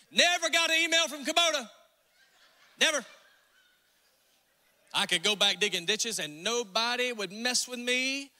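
A male pastor with a north Georgia Southern accent, preaching in a folksy, joking way. His voice sits very high and sounds sharp and bright. The sermon is recorded with a long reverb from the church hall. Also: animated, measured pace, pauses often. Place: church sanctuary.

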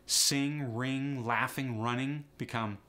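A man's voice: mid-range voice, steady tone, takes it slowly, sharp tone. A man teaching an accent lesson step by step, upbeat and explanatory, saying example words to show each sound. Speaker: accent coach.

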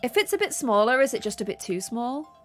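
A young woman streaming a building game, chatting casually and excitedly thanking her viewers. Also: fairly high pitch, fairly quick. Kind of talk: casual gameplay livestream chat. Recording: faint music behind.

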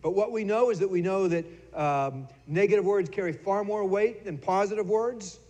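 A man's voice: sits high, normal speed, darkish tone. A middle-aged man giving a sermon as pastor, talking in a conversational way, often repeating words and acting out little bits of dialogue. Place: church sanctuary. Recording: long church reverb.

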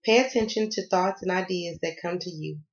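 A woman's voice: on the low side, brisk, highs cut off. A woman from the American South doing a casual tarot reading, sassy and playful and cussing freely. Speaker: tarot reader.

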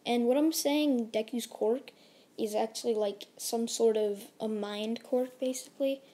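A woman's voice: a little high, a little slow, dark tone. Rambling young woman telling a story. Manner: rambling, full of "like" fillers. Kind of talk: casual retelling of a fan story.

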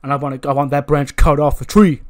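A man's voice: on the high side, steady tone, quick pace, natural voice. A man voicing a brash, hot-headed young male wrestler cutting an angry promo and calling everyone "Uso". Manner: shouty, repeating "Uso" as a tag.

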